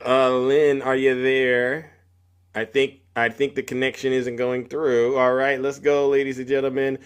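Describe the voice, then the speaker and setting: With a clean tone and a medium pitch, a male stream host talks politics casually during a live call-in show. He takes his time, stays animated, and calls on listeners by name.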